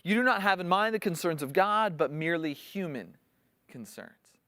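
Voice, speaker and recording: A man's voice: high-pitched, animated, normal speed, bright, forceful tone, no echo, studio quality. A man preaching a sermon in a conversational teaching style, explaining scripture and acting out the quotes with rising intensity. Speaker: pastor.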